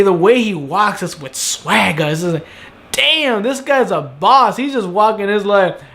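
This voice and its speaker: A man gushing in a casual video review of an anime episode, excitable, swearing freely, and trailing off into fillers. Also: sits high.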